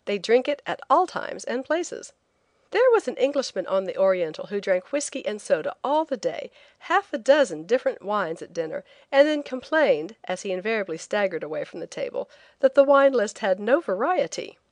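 A woman reading a travel memoir as an audiobook narrator, telling it in a clear, lively way. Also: medium pitch, moderate pace, no room sound.

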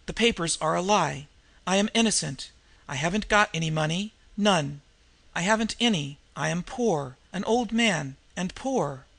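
A man reading an audiobook, voicing a groveling, gray-bearded old male miser who croaks hoarsely and whines. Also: expressive, moderate pace, a bit bright, full character voice. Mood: pleading. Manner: whining, pleading, shrill outbursts. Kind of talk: audiobook character voice.

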